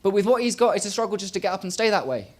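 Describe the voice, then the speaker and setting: A man's voice: high voice, lively intonation, very fast. Young man performing spoken word poetry. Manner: rhythmic, swings from loud bursts to quiet murmurs. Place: small live venue stage.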